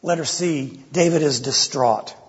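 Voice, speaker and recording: A man's voice: fairly high pitch, a little slow, slightly rough. A man preaching an expository sermon with an impassioned delivery, voicing the psalmist's pleas. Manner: impassioned, voices the psalmist's pleas with rising intensity. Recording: lo-fi recording with long hall reverb.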